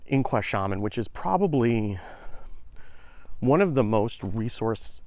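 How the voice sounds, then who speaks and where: A man's voice: mid-range voice, very animated, measured pace, long pauses, a little mellow, no echo. A man hosting a podcast, talking casually while walking uphill outdoors and slightly out of breath. He rambles, with lots of "like" fillers and "right?" checks. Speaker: podcast host. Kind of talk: casual explanatory podcast talk.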